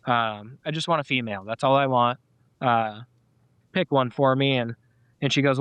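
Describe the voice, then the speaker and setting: A man's voice: medium pitch, moderate pace, a bit bright, clear, resonant tone, no echo, dull audio. A middle-aged man, a podcast guest, telling a personal story in a casual, rambling way with many fillers and restarts. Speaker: podcast guest, dog owner.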